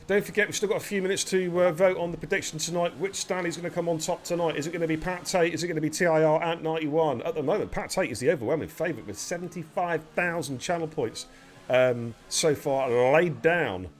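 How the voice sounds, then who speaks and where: A man's voice: a little high, fast talker. A man giving live sim racing commentary, chatty and bantering with viewers and his co-host. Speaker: race commentator.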